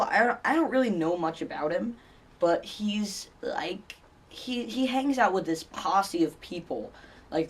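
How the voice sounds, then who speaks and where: A man's voice: sits high, recorded from a distance. A teenage boy vlogger telling a story in a rambling way, with many fillers and restarts. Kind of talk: casual storytelling vlog.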